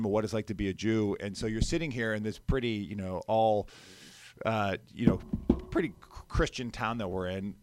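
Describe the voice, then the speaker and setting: A young man co-hosting a radio talk show in a studio, talking casually with an energetic, teasing manner on a mic with no windscreen. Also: lowish voice, dry recording. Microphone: studio microphone without windscreen.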